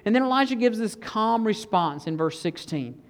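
A preacher giving a conversational sermon who drops to hushed tones for emphasis. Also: medium pitch, expressive, moderate pace, big-room sound.

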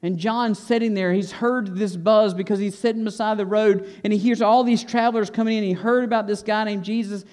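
A man's voice: high-pitched, fairly even intonation, a little fast, few pauses, a little mellow. A man preaching a sermon as pastor, retelling a scripture story with voiced characters and emphatic asides.

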